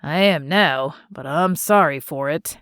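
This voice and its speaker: A woman narrator voicing a gentle, grieving old man near eighty who talks in a slow, wistful way. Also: deep voice, no room sound, studio quality, pitched below the performer's own voice. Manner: slow, wistful, fond teasing.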